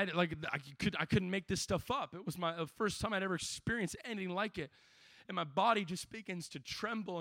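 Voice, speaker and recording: High-voiced man preaching with rising passion. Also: no echo. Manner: passionate, builds to shouting. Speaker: youth camp preacher. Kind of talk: sermon.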